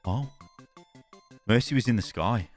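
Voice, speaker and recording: A man's voice: mid-range voice, big pitch swings, brisk, a bit bright, faint music behind. A man reviewing gameplay replays as a coach, exasperated and firing off repeated rhetorical questions.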